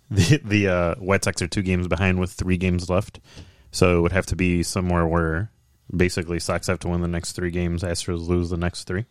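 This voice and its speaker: A man co-hosting a casual sports chat, laid-back and profane, often laughing, with a bassy voice. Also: level tone, normal speed, smooth, no echo, studio quality. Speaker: podcast co-host.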